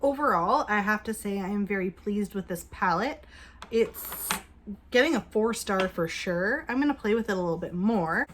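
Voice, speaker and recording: Woman beauty vlogger at home, chatty and upbeat, middle pitch, drops to hushed asides while applying. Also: lively intonation, moderate pace. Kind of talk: casual makeup review.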